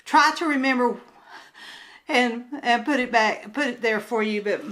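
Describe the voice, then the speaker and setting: An older woman with a Southern US accent, chatting casually to camera while unboxing crafts, rambling and often trailing off into soft murmurs. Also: a little high, a little slow, poor audio. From Southern United States. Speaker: crafts vlogger and booth vendor. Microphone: handheld phone camera.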